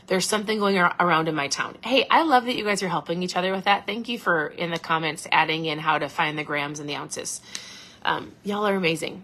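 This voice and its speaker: A woman hosting a casual livestream, chatting in an animated way about nutrition and reading viewer comments aloud. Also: on the low side. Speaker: keto coach and livestream host.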